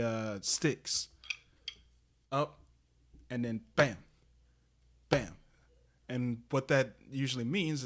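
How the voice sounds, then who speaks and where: A man talks slowly through a casual drum lesson on a live stream, stopping and restarting as he explains each step. His voice sits at an ordinary middle pitch. Steady background noise and clicks run under his voice from the stream mic. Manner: halting, with many fillers and restarts, explaining step by step. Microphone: desk microphone that peaks on loud drum hits.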